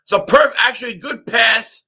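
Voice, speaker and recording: A man hosting a live sports reaction stream, ranting excitably and often shouting at the game. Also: very high voice, normal speed, slightly rough. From Philadelphia area.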